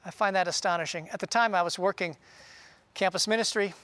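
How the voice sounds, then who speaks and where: Male pastor, high voice, earnest, conversational sermon, dry close sound. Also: sharp tone, no echo. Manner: earnest, conversational, with frequent "uh" pauses.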